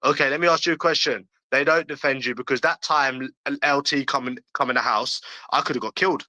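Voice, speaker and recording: A man rants on a livestream and talks straight to his chat. His tone is strikingly sharp and tense, his delivery blunt and full of swearing, and he keeps circling back to the same points. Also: medium pitch, brisk, no echo, rough recording. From London, England. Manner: blunt, profane, repetitive ranting.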